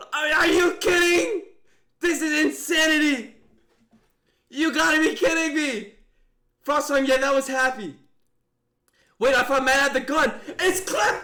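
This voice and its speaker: A young man commentates live on a mafia game he is playing, his voice very high and bright. He swings between disbelieving shouts and quick muttered reasoning, thinking out loud the whole way. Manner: excitable, exclaiming in disbelief, thinking aloud.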